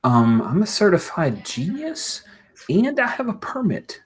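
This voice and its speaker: A man's voice: on the low side, very animated, slow pace, breathy edge, full character voice. A man voicing a cocky female superhero who talks down to people in a sing-song way. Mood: smug.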